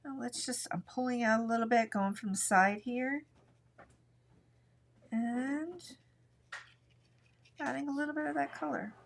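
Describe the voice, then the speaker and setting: A woman's voice: fairly high pitch, measured pace, creaky, long pauses, slight background noise. Chatty woman teaching a coloring tutorial. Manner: relaxed, chatty, narrates each stroke as she works. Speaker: art instructor.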